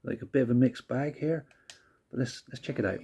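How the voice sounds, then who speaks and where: A man's voice: mid-range voice, brisk, vocal fry, dark tone, breathy edge. A man casually reviewing music tracks, laid-back and rambling, who laughs often and swears casually.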